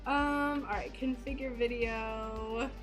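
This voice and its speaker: Bubbly woman craft streamer, high voice, unhurried delivery, soft music behind. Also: steady tone. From United States. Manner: bubbly and chatty, greets viewers warmly by name. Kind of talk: casual live-stream chat while painting glass.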